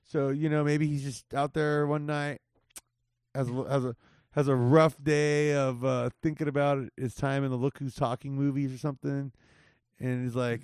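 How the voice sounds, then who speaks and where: A man's voice: mid-range voice, little pitch movement, normal speed, darkish tone, smooth, dry recording, clean studio sound. A man hosting a casual podcast, joking and swearing loosely as he banters with a friend. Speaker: podcast host.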